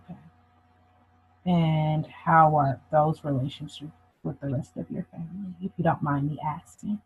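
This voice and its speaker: A person playing a counselor in a role-play, asking measured, reflective questions. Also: mid-range voice, steady tone, breathy edge. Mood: calm. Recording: dull lo-fi audio.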